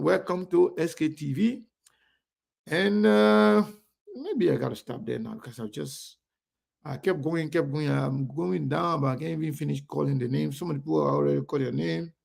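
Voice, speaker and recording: A man with a rough, gravelly voice pitched a little high hosts a live online show. He greets his viewers one by one in a chatty, easygoing way. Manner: chatty, reads viewer names aloud warmly.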